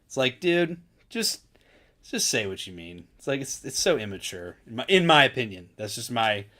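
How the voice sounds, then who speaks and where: A man's voice: mid-range voice, big pitch swings, brisk, sharp tone. A man hosting a live stream, talking casually and loosely with lots of "dude" and "like". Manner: laid-back, chatty, full of fillers like "dude".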